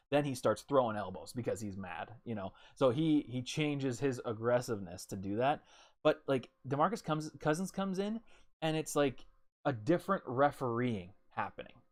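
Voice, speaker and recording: A man co-hosting a casual sports talk show, hesitant and opinionated, with many fillers. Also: medium pitch. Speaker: podcast co-host.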